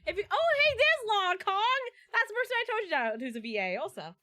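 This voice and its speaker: A woman's voice: extremely high pitch, big pitch swings, quick pace, bright, forceful tone, no room sound, studio quality. A woman hosting a casual livestream chat, giggly and swearing casually as she introduces her show. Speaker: streamer host.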